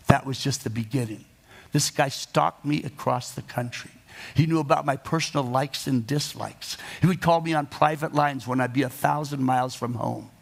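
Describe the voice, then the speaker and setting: A man's voice: medium pitch, creaky. A man telling his own story as a monologue, dramatic, confessional and self-mocking. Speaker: card magician telling his life story.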